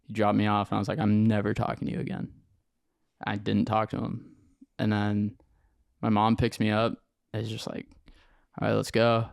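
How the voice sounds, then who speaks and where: A young man, a podcast guest, telling his story in an animated, slangy way with lots of acted-out quotes. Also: fairly low pitch, moderate pace, vocal fry, pauses often, no room sound. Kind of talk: casual storytelling interview.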